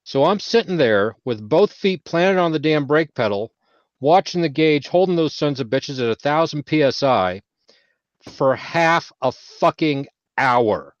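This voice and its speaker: A man's voice: fairly high pitch, lively intonation, unhurried, no room sound. Profane man telling stories, dull lo-fi sound. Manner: heavy profanity, loud bursts when quoting himself. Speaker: veteran panelist. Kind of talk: casual storytelling chat. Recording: dull lo-fi audio.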